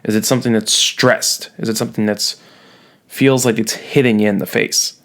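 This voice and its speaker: A man's voice: on the low side, level tone, normal speed, a bit bright. A man teaching a recorded lesson, playful and jokey, leaning hard on key words. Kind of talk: recorded classroom lecture.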